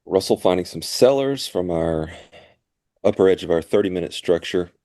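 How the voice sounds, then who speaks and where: A man co-hosting a live trading show, giving steady market commentary. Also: low-pitched, normal speed, dry recording, clean studio sound.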